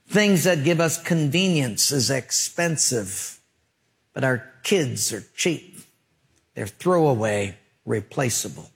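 A man's voice: medium pitch, animated, takes it slowly, gravelly. A man preaching a sermon as a pastor, telling stories in an emphatic, conversational way.

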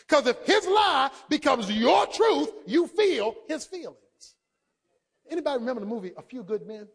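Very high-voiced man preaching, goes quiet then shouts, acts out the voices dramatically. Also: sing-song, moderate pace, husky. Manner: swings between quiet low asides and shouted emphasis; dramatic, acts out quoted speech. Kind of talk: sermon.

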